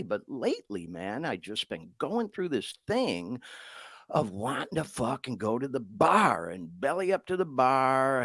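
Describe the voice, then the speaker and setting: A middle-aged man talks to his podcast audience in a loose, unscripted way, swearing freely and speaking plainly. His pitch rises and falls a lot as he talks. The sound is dry and close, with no room echo. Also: fairly bright tone. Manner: candid and profane, talks straight to listeners. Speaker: podcast host. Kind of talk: casual podcast monologue.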